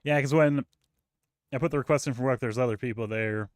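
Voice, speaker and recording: A man's voice: medium pitch, a little fast, no echo, clean studio sound. A man co-hosting a podcast, chatting casually and telling rambling, profane stories full of fillers. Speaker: podcast co-host. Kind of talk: casual chat.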